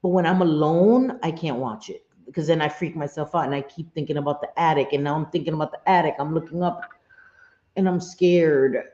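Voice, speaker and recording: Deep, mellow, and brisk, a middle-aged woman's voice carries a casual livestream chat where she answers home viewers freely, swearing and laughing often. She reads the chat aloud, and the sound is dull, roomy lo-fi stream audio.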